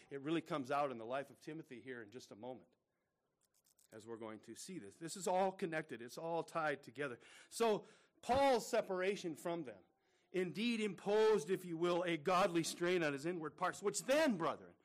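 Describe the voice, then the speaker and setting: A middle-aged man preaching in a high-pitched voice. He talks earnestly and keeps asking rhetorical questions. He often turns to his listeners as brethren. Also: animated, normal speed. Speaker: pastor. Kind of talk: sermon.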